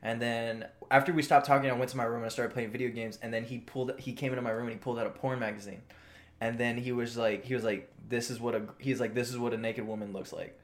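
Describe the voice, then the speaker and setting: A man's voice: mid-range voice, little pitch movement, fast. A young man co-hosting a casual podcast, telling crude, rambling stories full of quoted dialogue. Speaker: podcast co-host. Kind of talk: casual chat.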